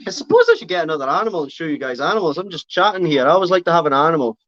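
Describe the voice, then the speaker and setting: A man's voice: fairly high pitch, very animated, very fast, fairly bright tone, no room sound, highs cut off. A man chatting casually on a live stream, rambling and correcting himself as he answers comments. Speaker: reptile keeper streaming live.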